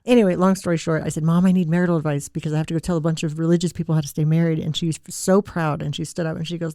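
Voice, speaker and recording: A woman from Texas, a comedian guest, telling animated stories in a casual podcast chat and laughing often. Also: deep voice, very fast, few pauses, dry recording, studio quality.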